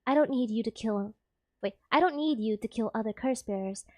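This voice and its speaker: A woman voicing a calm, persuasive female client in a game, reading the lines aloud. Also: fairly high pitch, a little fast, no echo, close to an everyday voice. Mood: coaxing.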